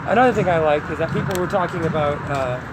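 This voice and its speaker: Brief: high-pitched male co-host, playful and jokey, clear traffic noise behind. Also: quick pace. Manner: playful, joking, laughs often. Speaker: guest co-host. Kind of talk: casual podcast chat.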